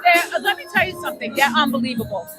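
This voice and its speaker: A woman with a New York accent talking animatedly in an excited red-carpet interview, music playing behind. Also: high-pitched, rapid-fire, rough recording. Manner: animated, chatty, dramatic emphasis. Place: outdoor red carpet event. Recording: live stream with music behind.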